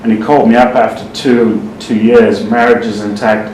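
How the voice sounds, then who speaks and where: A man's voice: on the low side, moderate pace. Man telling a story in a roomy space. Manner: steady storyteller, many ums. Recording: roomy, distant mic, faint noise.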